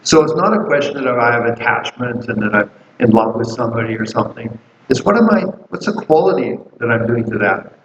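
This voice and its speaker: A man's voice: medium pitch, animated, a little fast, fairly bright tone. Man teaching a buddhism class, rambling storyteller, roomy sound, dull faint-hiss recording. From Canada. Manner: rambling, storytelling, many restarts and fillers. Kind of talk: casual dharma class teaching.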